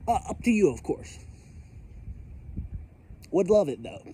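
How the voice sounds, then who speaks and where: A man's voice: high voice, very animated, measured pace, dark tone. A man filming a storm outside his house, rambling casually with jokey, self-deprecating asides. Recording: outdoor wind and storm noise.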